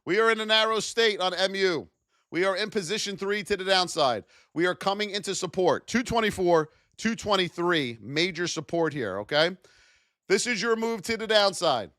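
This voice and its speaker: Playful guy on a live trading stream, hypes up the chat, fairly high voice, dry close sound. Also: moderate pace, no echo. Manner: energetic and playful, chats with viewers. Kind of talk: live stream market commentary.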